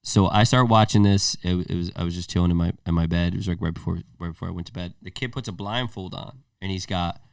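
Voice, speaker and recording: Laid-back male podcast co-host, low voice, casual swearing, dry room, mic set back. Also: steady tone, quick pace, creaky, few pauses, no echo, distant mic. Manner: laid-back, swears, says bro and dude a lot.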